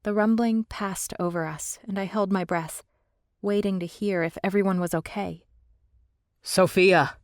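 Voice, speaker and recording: A woman narrating a fantasy audiobook in the first person, steady and measured, on a close studio mic. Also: medium pitch, no echo.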